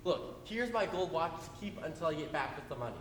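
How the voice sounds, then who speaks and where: A man's voice: fairly high pitch, lively intonation, fast, natural voice. A young man playing a nervous, earnest young groom in a live stage play. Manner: earnest, pleading. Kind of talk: live amateur stage acting. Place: theater stage. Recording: noisy echoey hall from far off.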